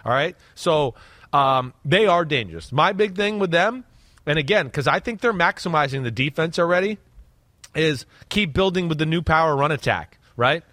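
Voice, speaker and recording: A man talking football as an analyst in a casual podcast chat, animated and checking in with "right?" as he goes. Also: fairly high pitch, normal speed, no room sound, studio quality.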